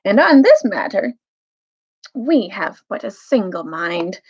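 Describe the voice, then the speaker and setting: A woman's voice: medium pitch, sing-song, takes it slowly, vocal fry, slightly rough, exaggerated voice. A woman voicing a small, brave male mouse knight who speaks in a formal, ceremonious way. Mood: proud. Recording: dull lo-fi recording.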